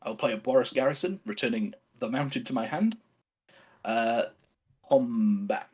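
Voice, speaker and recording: A man's voice: medium pitch, expressive, unhurried, darkish tone, husky. A man taking his turn at a card game, speaking drily with many hesitations. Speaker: player. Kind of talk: casual game chat.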